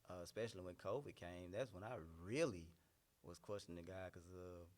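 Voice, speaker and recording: A man's voice: sits low, a little fast. A man, a pastor and singer, telling an emotional personal story with earnest, repetitive emphasis. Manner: earnest, heartfelt, repeats phrases for emphasis. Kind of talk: candid, emotional personal testimony.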